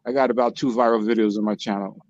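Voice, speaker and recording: A man telling lively stories in a casual online group chat. He swears freely, laughs a lot and mimics the lines of other people. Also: lowish voice, quick pace, no room sound, muffled recording. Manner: animated storyteller, profane, mimics others' lines, laughs often. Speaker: channel host telling stories to co-hosts.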